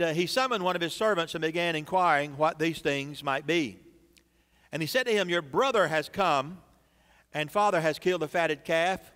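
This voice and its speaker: A pastor with a slightly high, somewhat bright voice preaches in a church sanctuary, using dramatic repetition to build emphasis. The recording carries a long church reverb.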